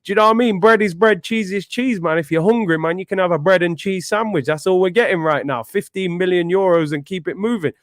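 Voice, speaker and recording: Young man, chatty live-stream host, fairly high voice, dry close sound. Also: quick pace, hardly any pauses, dry recording. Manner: animated, chatty, reads viewers' messages. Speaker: football fan show host. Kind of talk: casual live-stream chat.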